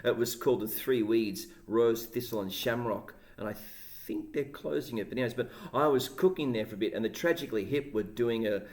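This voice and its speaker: A rambling Australian man in his forties tells stories, tacking "right?" onto nearly every sentence. His voice sits in an ordinary middle pitch. He sounds like he's in a bare, echoey room. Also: fairly quick, few pauses, darkish tone. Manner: rambling storyteller, many fillers like "right?". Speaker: podcast co-host. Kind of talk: casual chat.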